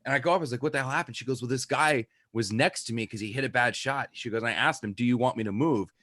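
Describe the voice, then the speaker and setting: A man's voice: mid-range voice, fast talker, fairly bright tone, no room sound. A young man, a podcast co-host, telling a rambling casual anecdote full of "like" and quoted lines. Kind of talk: casual chat, storytelling.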